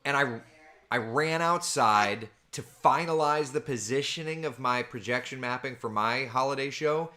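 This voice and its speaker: Pushed and bright, the man's medium-pitched voice moves at a moderate pace through an informal livestream forecast. He's at home near his small children, rambling over viewer comments into a computer camera mic.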